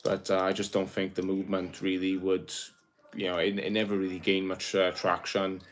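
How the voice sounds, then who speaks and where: A young man from Wales with a South Welsh accent, chatting casually on a livestream and reading viewer comments aloud in a relaxed, rambling way. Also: low voice, normal speed. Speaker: livestream host.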